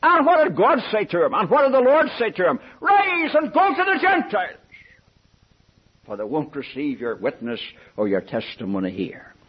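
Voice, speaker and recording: An older man preaching a sermon in an earnest, pleading way, swinging from soft asides to raised appeals. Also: lively intonation, brisk, hardly any pauses, husky. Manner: earnest, pleading, rises and falls in pitch and loudness. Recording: dull lo-fi recording.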